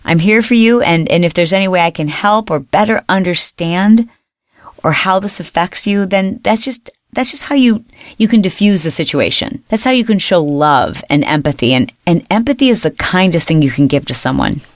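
A woman's voice: lowish voice, animated, normal speed, no echo, clean studio sound. A woman hosting a self-help podcast, coaching listeners and repeating example phrases aloud. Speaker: podcast host.

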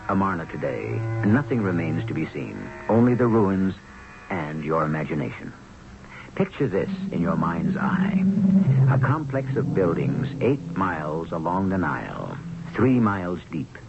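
A man's voice: deep voice, very animated, unhurried, creaky, music in the background. A man hosting and narrating a vintage radio mystery drama in a theatrical voice, from a dull lo-fi broadcast. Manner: theatrical, questioning, hushed asides. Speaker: host and narrator.

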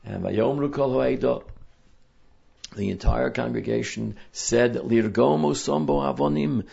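A man's voice: medium pitch, measured pace, gravelly, dark tone, breathy edge. A man teaching a Torah portion lesson in an earnest, emphatic way, reading Hebrew verses and translating them. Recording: dull lo-fi recording.

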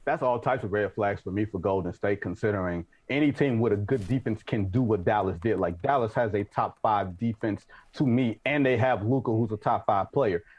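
A man's voice: on the low side, moderate pace, hardly any pauses, a little mellow, slightly rough, highs cut off. Brash man arguing basketball takes. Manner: brash, emphatic, teasing. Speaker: guest analyst. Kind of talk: sports debate talk.

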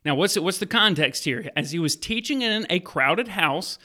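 Bright-voiced pastor telling kids a story. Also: male voice, high-pitched, normal speed. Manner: lively, vivid second-person storytelling. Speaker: pastor and podcast host. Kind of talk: Bible storytelling for preteens.

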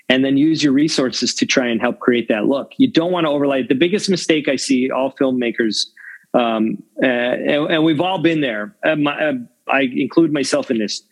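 A man's voice: medium pitch, normal speed, breathy edge, rough recording. A man talking casually in an interview about cinematography, rambling with many restarts and "you know"s. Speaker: cinematographer guest.

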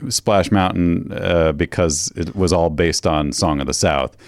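A man co-hosting a casual comedy podcast, relaxed and hesitant, with many pauses and fillers. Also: low-pitched, gravelly, no room sound, studio quality. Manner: laid-back, hesitant, full of uh's. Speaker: podcast co-host.

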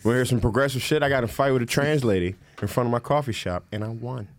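A man co-hosting a podcast, telling a comedic story and acting out both sides of the argument. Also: quick pace. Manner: animated, acts out both sides of a story with loud high bursts. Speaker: podcast co-host.

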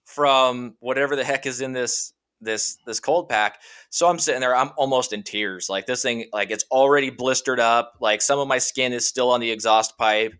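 A man's voice: medium pitch, normal speed, hardly any pauses, clear, resonant tone. A man telling a long, rambling personal story in casual conversation, full of fillers like "you know" and "like". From Washington state. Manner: rambling, animated anecdote with many fillers. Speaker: guest.

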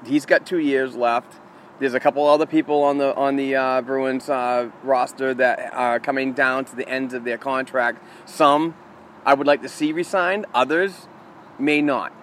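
A man's voice: mid-range voice, fairly even intonation, normal speed, a bit bright, a little hiss or hum. A man co-hosting a casual sports talk show, laying out his views in a confident, emphatic way. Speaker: co-host of a hockey talk show. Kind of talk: casual analytical chat.

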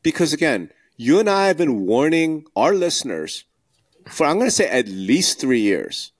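A male podcast co-host speaks in a blunt, emphatic way and keeps stacking rhetorical questions. His pitch swings widely from phrase to phrase, giving him a lively, animated delivery. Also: normal speed. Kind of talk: casual podcast discussion.

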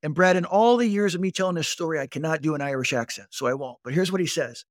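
Man in his fifties, a guest telling a lively story, voice sits a bit high, close and dry sound. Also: fast, no room sound. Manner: animated storyteller who acts out quoted voices and keeps addressing the host. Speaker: guest recounting his recovery. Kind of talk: conversational storytelling interview.

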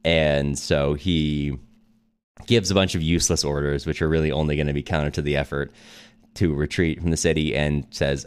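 A man's voice: very deep voice, fairly even intonation, normal speed, clear, resonant tone. A man co-hosting a podcast, casually summarizing a novel with fillers and frequent laughter. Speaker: podcast co-host. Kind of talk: casual book discussion.

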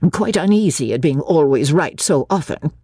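A woman's voice: sits low, animated, normal speed, mellow, slightly rough, no room sound, studio quality. A woman voicing a placid but fussy, snobbish middle-aged mother in a dramatic reading of a classic novel. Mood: fussing.

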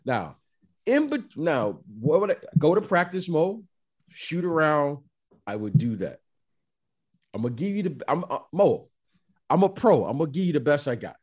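A middle-aged man telling stories in a casual chat, emphatic and animated, often repeating the listener's name. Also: fairly high pitch, moderate pace, long pauses, breathy edge. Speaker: former basketball player, guest.

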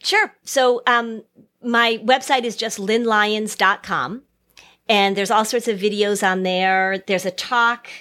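A woman's voice: medium pitch, fairly even intonation, slow pace, pushed and bright. A middle-aged woman psychotherapist and author, chatting as an interview guest with self-deprecating humor and frequent restarts. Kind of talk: casual interview chat.

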